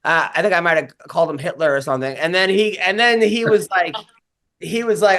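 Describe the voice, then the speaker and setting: A man's voice: high-pitched, fairly quick, few pauses, fairly bright tone. A man, a comedian and podcast host, telling a rambling story in casual chat, full of fillers and swearing.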